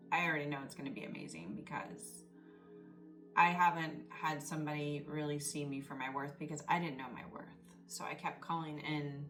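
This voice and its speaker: A woman talks through a tarot reading in a low, confiding voice that turns emotional and tearful at times. She sits back from the microphone, and loud music plays beneath her. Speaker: tarot reader. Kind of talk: casual spoken tarot reading. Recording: distant mic with loud background music.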